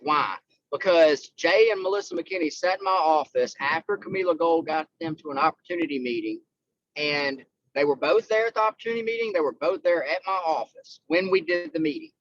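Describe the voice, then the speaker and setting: A man coaching a sales team, jumping in with quick praise and tips. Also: on the high side, fairly bright tone, muffled recording. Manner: encouraging, interjects with quick praise. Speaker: sales coach leading the training. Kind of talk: sales training talk.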